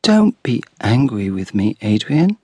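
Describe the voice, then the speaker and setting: A man voicing a sweet, pale five-year-old ghostly girl who speaks softly and cannot say the letter R. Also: fairly low pitch, sing-song, unhurried, husky, dry recording, clean studio sound, full character voice. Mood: pleading.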